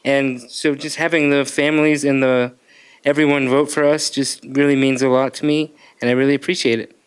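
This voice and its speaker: A man's voice: mid-range voice, flat delivery, fairly quick, clean tone. A man who manages a school program, giving modest, plain acceptance remarks.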